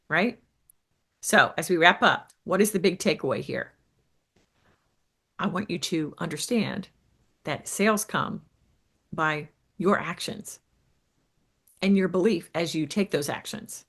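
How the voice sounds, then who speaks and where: A woman's voice: mid-range voice, lively intonation, a little slow, long pauses, fairly bright tone. A woman coaching business owners on sales, with an upbeat, emphatic delivery, often checking in with "right?". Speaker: business coach and show host. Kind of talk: coaching talk to camera.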